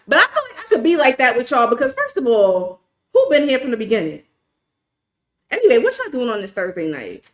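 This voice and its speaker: A woman's voice: fairly high pitch, fairly bright tone. A woman from New York City with a New York accent, hosting a livestream and telling a story in a casual, profane, emphatic way while reading and answering her chat. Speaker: livestream host.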